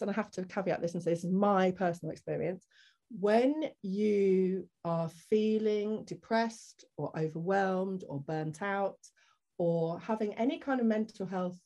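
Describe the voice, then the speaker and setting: A woman guest on a podcast, telling a personal story candidly and acting out the people in it. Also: medium pitch. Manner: animated, acts out the people in her story.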